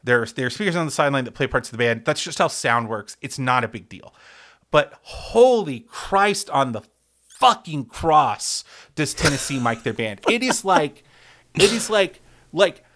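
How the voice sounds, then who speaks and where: A man's voice: a little high, a little slow. A man hosting a sports podcast, talking in a profane, hyperbolic comic rant full of stammered restarts. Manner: animated, rambling, stammers and restarts often; heavy swearing, hyperbolic.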